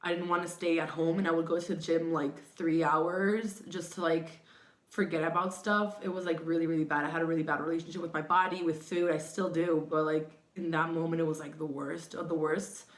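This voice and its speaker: A young woman speaking in a lowish voice, sharing a personal story as a confessional vlog. Her speech is hesitant, with repeated words and frequent fillers. The room around her has a noticeable echo. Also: little pitch movement, a little fast. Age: young adult. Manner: hesitant, repetitive, many fillers and restarts. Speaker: vlogger. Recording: echoey room.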